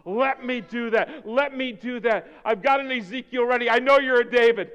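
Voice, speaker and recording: A preacher voicing God as a mighty, loving deity who speaks with bold reassurance. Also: male voice, very high voice, fairly even intonation, slow pace, a bit bright, shouting, muffled recording, voice pushed up, heavily acted. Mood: tender. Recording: long hall reverb.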